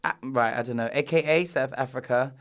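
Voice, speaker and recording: A woman's voice: a bass voice, a little fast. A woman hosting a casual chat, reading out lists of nominees and laughing often. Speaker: host.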